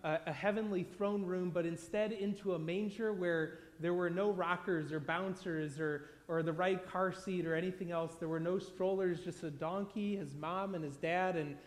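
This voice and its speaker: High-voiced man preaching a sermon. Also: steady tone, moderate pace, few pauses. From United States. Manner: conversational storytelling with repeated restarts. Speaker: pastor. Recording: long hall reverb.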